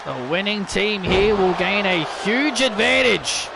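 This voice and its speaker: A man with a very high voice calls a video game wrestling match play by play, unhurried between bursts of shouting at big moves. He makes dry, sarcastic asides about glitches. A loud arena crowd and clear game noise roar behind him.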